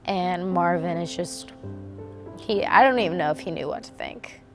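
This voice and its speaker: A woman's voice: fairly low pitch, normal speed. A woman recounting a hard memory in a documentary interview, acting out what people said and laughing through the emotion. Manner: animated, acts out remembered dialogue, laughs through emotion. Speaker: former gymnast interviewee. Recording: music bed underneath. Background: music.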